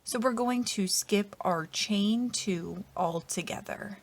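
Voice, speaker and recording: Slow, patient woman teaching crochet. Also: mid-range voice. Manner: slow, patient and methodical, trailing off softly at line ends. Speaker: crochet instructor. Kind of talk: step-by-step tutorial narration.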